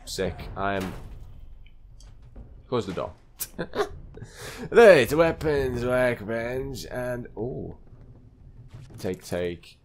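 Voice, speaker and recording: A man giving live gameplay commentary, talking to himself in a flustered way and repeating phrases as he plays. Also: sits low. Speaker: gaming channel host.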